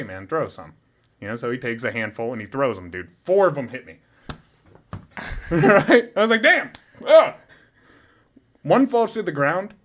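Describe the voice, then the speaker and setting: A young man co-hosting a podcast, telling a story in casual chat, laughing often and swearing freely. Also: mid-range voice. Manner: animated, swearing, laughs often, loud when imitating a drunk fan. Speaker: podcast co-host.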